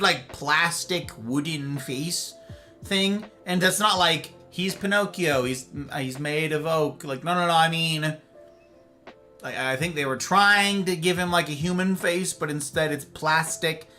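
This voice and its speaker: A man's voice: a little high, animated, a little slow, sharp tone, faint music behind. A man hosting a livestream, chatting casually and reading and answering his viewers' messages aloud. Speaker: livestream host.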